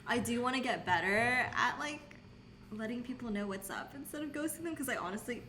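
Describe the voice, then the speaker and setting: Wry young woman, slightly high voice. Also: animated, a little fast, pushed and bright, slight background noise. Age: 20s. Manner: wry, dry one-liners. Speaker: podcast co-host. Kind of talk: casual chat.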